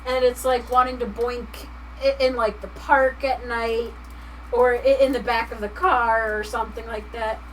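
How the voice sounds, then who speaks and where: A woman's voice: a little high, flat delivery, unhurried, a bit bright, recorded from a distance, slight background noise, low-quality recording. A woman hosting a livestream, chatting casually in a rambling way with lots of filler words while she crafts at home. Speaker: livestream host.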